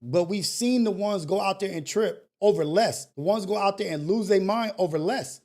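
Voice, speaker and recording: A man hosting a call-in show gives a casual motivational rant, blunt and emphatic, peppered with slang and profanity and much repetition. His voice sits high and sounds a little mellow, at a moderate pace.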